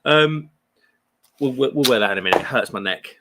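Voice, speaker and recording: Fast, expressive and a bit bright, this medium-pitched man's voice comes with a little hiss or hum in the background. A British man in his thirties, he hosts a beer livestream, chatting casually and jokily while reading his viewers' comments in a friendly way.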